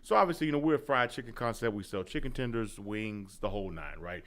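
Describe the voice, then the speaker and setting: A low-voiced man tells a story in a loose, chatty way, with lots of fillers. He talks plainly and steadily as he sets the scene. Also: expressive, quick pace, a bit bright. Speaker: podcast co-host and restaurant owner. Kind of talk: casual chat.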